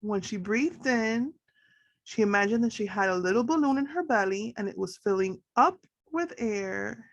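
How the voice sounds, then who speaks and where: A woman reading a children's picture book aloud to a group of educators, expressive and guiding them through slow breathing. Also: medium pitch, muffled recording. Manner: expressive, leads breathing along.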